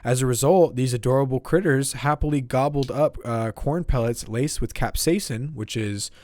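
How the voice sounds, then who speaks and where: A man's voice: mid-range voice, normal speed, a little mellow, dry recording, studio quality. A young man co-hosting a casual podcast, reading trivia aloud and stumbling over long words. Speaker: podcast co-host. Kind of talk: casual chat.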